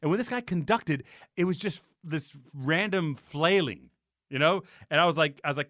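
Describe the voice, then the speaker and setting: A man's voice: a little high, moderate pace, a bit bright, no echo, clean studio sound. A man co-hosting a podcast, telling profane stories in casual chat and mimicking the people in them. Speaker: podcast co-host.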